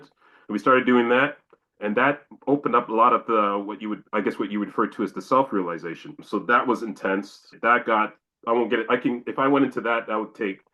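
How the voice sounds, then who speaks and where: A man's voice: lowish voice, sharp tone, poor audio. A man from Canada, a podcast guest, telling a long personal story and acting out his own exclamations.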